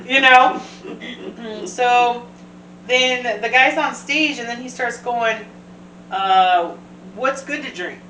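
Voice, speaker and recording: A woman with a fairly high voice hosts a casual chat, telling a story slowly with long pauses and animatedly acting out what others said. The recording carries a little hiss or hum, with an echoey room and a distant mic.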